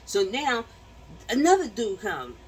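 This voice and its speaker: Animated woman telling a story. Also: a little high, a little slow, distant mic, a little hiss or hum, poor audio. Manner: animated, repeats words, acts out quotes. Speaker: vlogger. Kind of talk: casual storytelling to viewers.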